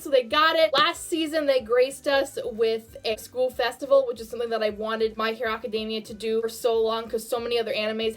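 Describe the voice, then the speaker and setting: A young woman reviewing an anime in a casual vlog, talking in a gushing, emotional way that swings from hushed to excited. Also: high voice.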